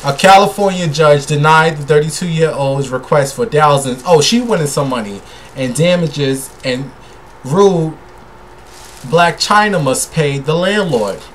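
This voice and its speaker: A man's voice: fairly high pitch, unhurried, slight background noise. A man, a tipsy gossip vlogger talking in a sassy, brash, profane way straight to his viewers. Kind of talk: casual celebrity gossip rant.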